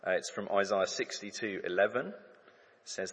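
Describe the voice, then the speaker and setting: A man in his thirties preaching a sermon, conversational and animated, acting out crowd shouts as he tells stories. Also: fairly low pitch, moderate pace, slightly rough. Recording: long hall reverb.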